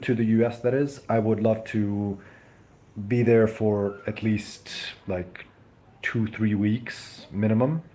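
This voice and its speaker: Unhurried Serbian man chatting on a live stream. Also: lowish voice, fairly even intonation, mellow. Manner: hesitant, many ums and restarts; friendly, thanks viewers often. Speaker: livestream host. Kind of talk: casual live chat reading viewer comments.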